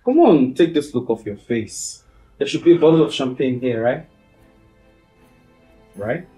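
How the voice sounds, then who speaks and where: An actor playing a blunt, exasperated friend who lectures and scolds. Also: male voice, medium pitch, lively intonation, a little slow, mellow, husky, soft background music. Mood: scolding.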